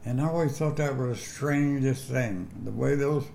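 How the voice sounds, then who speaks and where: This is an old man in his eighties, and he talks with plain country grammar. He rambles through his memories in a relaxed, unhurried way. His voice sounds mellow and warm, and it is recorded in a roomy space with some echo. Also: mid-range voice, gravelly, a little hiss or hum. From northern Georgia, USA. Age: 80s. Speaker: interviewee. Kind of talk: casual storytelling interview.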